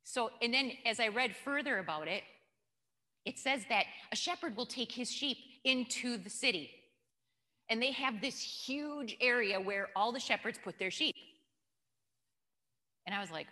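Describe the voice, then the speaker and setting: In a hall with long reverb, a church speaker delivers an informal teaching talk full of stories and questions for the audience. Her slightly high voice is animated and sharp, a little slow, with long pauses.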